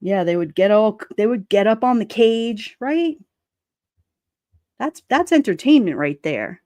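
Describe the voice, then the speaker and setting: A woman's voice: on the high side, animated, measured pace, mellow, no room sound. A woman hosting a casual livestream, chatting and reading comments from her chat in a rambling way, laughing often. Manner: rambling, laughs often, lots of fillers and restarts.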